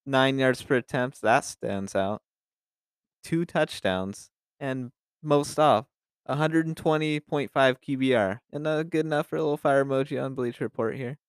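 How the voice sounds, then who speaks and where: A man's voice: medium pitch, normal speed, clear, resonant tone, dry recording, clean studio sound. Casual, profane male sports podcaster. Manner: loose and profane, with frequent restarts. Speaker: podcast co-host.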